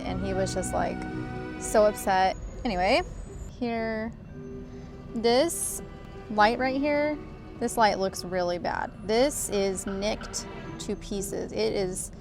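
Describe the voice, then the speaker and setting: A chatty woman talks casually and with exasperation on a camera mic outdoors. Her voice sits in a middle pitch, with faint music behind. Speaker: vlogger. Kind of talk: casual vlog. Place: outdoors beside her car.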